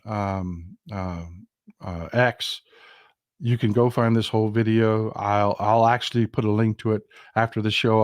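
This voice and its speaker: A man's voice: fairly low pitch, dry recording. Male livestream host, emphatic and repetitive, dry close sound. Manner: emphatic, repeats himself, stumbles and restarts. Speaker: political commentary host. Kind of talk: livestream political commentary.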